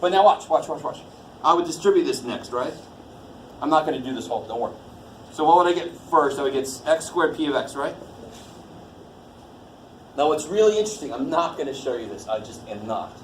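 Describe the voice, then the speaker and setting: A man's voice: a little high, expressive, fairly quick, pauses often. Casual, joking man lecturing in an echoey room. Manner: informal, jokey, swears casually, quizzes the class. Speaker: college math instructor. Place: classroom. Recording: echoey classroom with faint noise.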